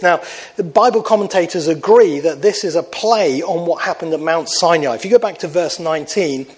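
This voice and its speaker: Middle-aged male preacher, fairly high-pitched, earnest sermon delivery that questions the listeners. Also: fairly quick. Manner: earnest, asks the congregation questions. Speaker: pastor.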